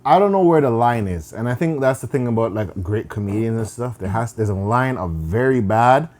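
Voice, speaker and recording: Man: podcast co-host, lively pitch. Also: fairly quick. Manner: animated, acts out loud high-pitched impressions while laughing. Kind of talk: casual chat.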